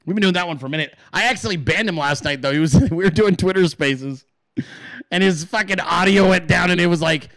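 A man hosting a podcast in a casual, profane rant, acting out quick voices in his stories. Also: sits high, no echo. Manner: animated, swears a lot, acts out voices in his stories. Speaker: podcast host.

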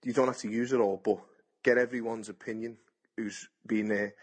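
A man's voice: lowish voice, fairly even intonation, moderate pace. A man, a boxer talking bluntly and chattily in an interview, often repeating his words. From England. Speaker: boxer and TV pundit. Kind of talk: casual interview.

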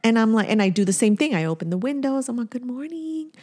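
A woman's voice: a little high, fast. A woman in her forties, a podcast co-host, telling a story in casual chat and acting out the voices in it. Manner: animated storyteller, acts out voices.

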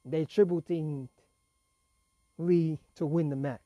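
A man talks through wrestling results in a loose, rambling way, now and then laughing mid-sentence. His voice sits a bit high for a man but has a dark, mellow tone. He is fighting off a cough, and the close recording is dry. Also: steady tone, slow, no echo, dull audio. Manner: chatty, rambling, laughs while talking. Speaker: wrestling show reviewer. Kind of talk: casual solo recap.

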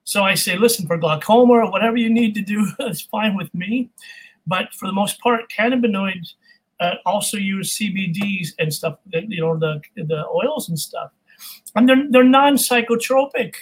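A man who coaches voice work, chatting as a guest on a video call, animated and quick to laugh. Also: high-pitched, poor audio. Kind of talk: casual video call chat.

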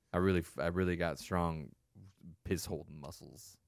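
Deep male voice, dry and close, relaxed profane chat. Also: a little slow, dry recording. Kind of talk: casual chat.

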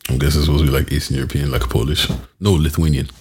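A man's voice: very deep voice, steady tone, racing, a little mellow, breathy edge. A young man co-hosting a podcast, chatting casually and teasing in a loose, slangy way. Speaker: podcast co-host. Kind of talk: casual chat.

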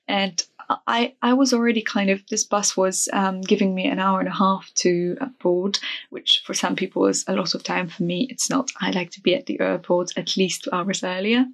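A young woman recounting a story for her vlog in a loose, chatty way. She talks with lots of ums, restarts and asides. Her voice sits at an ordinary middle pitch for a woman. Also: moderate pace. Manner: chatty, animated retelling with many fillers and restarts.

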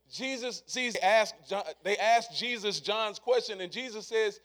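A man preaching a sermon in casual, conversational words, repeating his points and swinging from hushed to loud. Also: high voice, normal speed, hardly any pauses.

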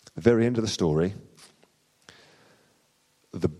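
A male preacher giving a sermon in a chatty, unscripted manner. His voice sits very low. The long reverb of a church hall follows every phrase. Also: moderate pace, warm tone. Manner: conversational, with frequent fillers and restarts.

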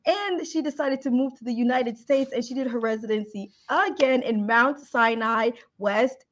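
A bubbly woman host with a fairly high voice, gushing and lively as she introduces her guest. The sound is a bit dull and lo-fi. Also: unhurried, few pauses. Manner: effusive, animated, repeats praise words. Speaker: podcast host. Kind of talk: enthusiastic podcast interview.

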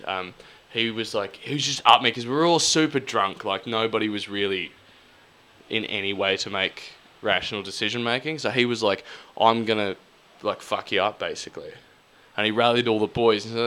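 Young Aussie guy, bright forceful voice, sweary animated storyteller, podcast co-host. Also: fairly low pitch. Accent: Australian. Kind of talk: casual chat.

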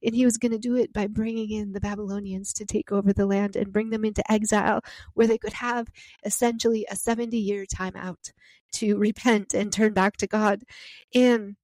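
A woman's voice: mid-range voice, little pitch movement, moderate pace, a little mellow, dry recording. A woman reading scripture aloud and explaining it in an earnest, emphatic teaching style. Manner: earnest, emphatic, piling up phrases. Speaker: Bible teacher. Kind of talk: Bible reading and devotional teaching.

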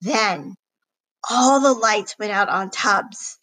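Woman narrator for a kids' chapter book, unhurried, bright tone. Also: medium pitch, low-quality recording. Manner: slow, clear storytelling delivery. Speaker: audiobook reader. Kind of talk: reading a children's chapter book aloud.

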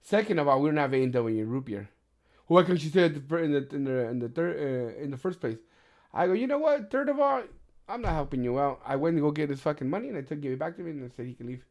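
Profane, animated middle-aged man. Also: fairly high pitch, racing. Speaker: podcast host. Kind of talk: casual chat.

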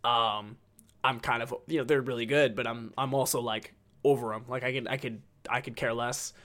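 A man's voice: medium pitch, fairly even intonation, moderate pace, a bit bright. A man hosting a casual solo podcast, rambling enthusiastically with lots of ums and likes. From United States. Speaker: podcast host.

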